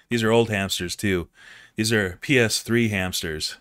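Slow-talking man doing mock announcer commentary. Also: fairly low pitch, a bit bright, no room sound, clean studio sound. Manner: theatrical, addresses viewers as folks, mock-emotional. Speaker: gameplay streamer. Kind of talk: mock wrestling announcer commentary over gameplay.

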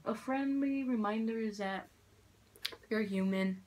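A young woman vlogging a casual makeup chit-chat at home, frank and foul-mouthed, a little hoarse from being sick. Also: a little high, unhurried, a little mellow, a little hiss or hum. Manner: chatty, frank, swears a lot. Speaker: beauty vlogger. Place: room at home with poor lighting. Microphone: handheld mirror in one hand, camera fixed.

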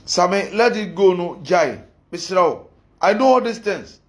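Fiery high-voiced Ghanaian pastor. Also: male voice, expressive, moderate pace. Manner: fiery, defiant, combative. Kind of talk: heated address to critics. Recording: echoey room.

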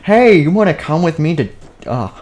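A man's voice: on the high side, very animated, moderate pace, darkish tone, pitched above the performer's own voice. A man voicing a creepy, falsely friendly female animatronic who lures a child away, in a game role-play. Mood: coaxing. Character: creepy sweet-talking female animatronic kidnapper.

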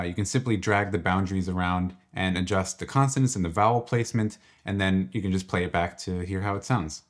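A man with a low voice walks through music software step by step. He talks in a relaxed, exploratory way, thinking aloud as he clicks. It sounds like a screen-recorded tutorial. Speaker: tutorial presenter. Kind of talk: software walkthrough.

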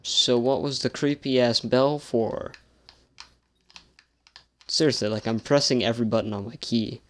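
A man's voice: mid-range voice, fairly even intonation, a little slow. A young man casually commenting on a horror game he is playing, sarcastic and jumpy, swearing often. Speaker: gameplay streamer.

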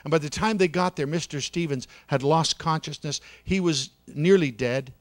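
A man's voice: a little high, normal speed. Dramatic male preacher telling a story. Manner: dramatic, swings from loud to hushed. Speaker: pastor. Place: church sanctuary.

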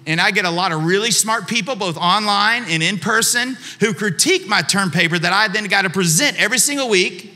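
A man's voice: high voice, fairly quick, few pauses, sharp tone. A man preaching a sermon as a pastor, telling a personal story and repeating phrases for emphasis.

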